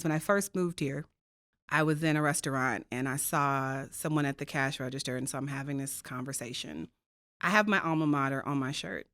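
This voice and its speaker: A woman's voice: sits low, a bit bright, dry recording. A woman speaking as a podcast guest, telling stories earnestly and emphatically, with rhetorical questions. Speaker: diversity co-chair and faculty guest. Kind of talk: reflective conversational storytelling.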